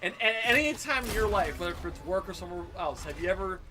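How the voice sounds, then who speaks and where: A man in his thirties hosting a gaming livestream, telling profane, animated stories with frequent laughter. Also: high-pitched, fast, noisy background. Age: 30s. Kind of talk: casual livestream chat and storytelling.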